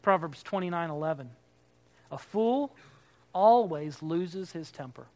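Here the pastor's voice is medium-pitched, expressive and unhurried, with a darkish tone. His sermon is conversational, full of rhetorical questions aimed at the listeners and in-character renditions of what people say.

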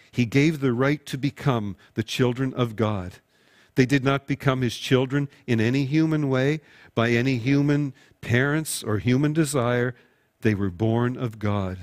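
A man's voice: mid-range voice, a little slow. A man, a pastor, delivering a sermon in a conversational storytelling way, acting out imagined dialogue with his listeners. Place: recorded without in-person congregation.

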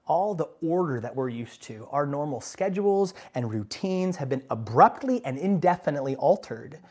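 A man preaching a sermon with lively, emphatic delivery, moving from hushed asides to loud, driving lines. He talks to the congregation like a friend and keeps asking them to agree. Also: a little high, normal speed, husky. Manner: animated and emphatic, swinging from quiet asides to loud bursts; conversational, asks the congregation "right?". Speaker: pastor.

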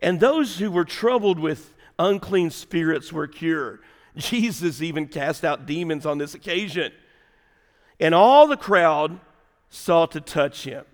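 A man preaching a sermon as pastor, animated and conversational, swinging between loud emphasis and hushed asides. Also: a little high, slow, big-room sound.

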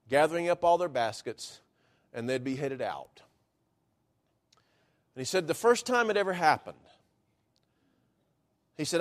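Male preacher, high voice, folksy deliberate sermon storytelling.

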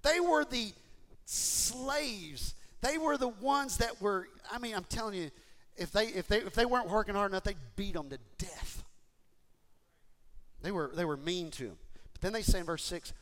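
This man delivers a casual sermon, speaking straight to his listeners. His voice sits high and comes across bright and forceful. He talks with lively energy and often stumbles into quick restarts. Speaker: preacher.

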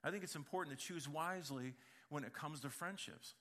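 A middle-aged man preaching a sermon, telling funny family stories in an animated, joking way. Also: a little high, a little fast. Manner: animated storytelling with humor. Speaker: pastor.

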